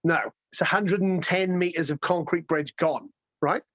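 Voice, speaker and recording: A man guest telling a road-trip story in a casual, excitable way, swearing and rambling with lots of restarts. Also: on the high side, normal speed, no room sound, lo-fi sound.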